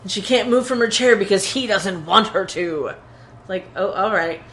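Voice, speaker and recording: A woman's voice: medium pitch, moderate pace, slight background noise. A woman co-hosting a podcast, casually recapping a TV episode and acting out quoted lines. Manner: animated retelling with quoted lines. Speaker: podcast co-host.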